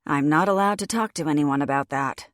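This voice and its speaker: A woman's voice: low-pitched, fairly quick, no echo, close to an everyday voice. A woman voicing a wary, blunt young woman from California in an audiobook, in a dry, close recording. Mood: guarded. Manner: guarded and blunt.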